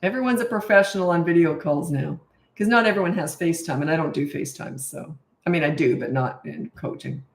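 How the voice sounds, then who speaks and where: A woman's voice: sits low, brisk, gravelly, echoey room. A middle-aged woman, a parenting coach, answering questions in a frank, chatty way and laughing at herself. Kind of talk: casual live Q&A chat.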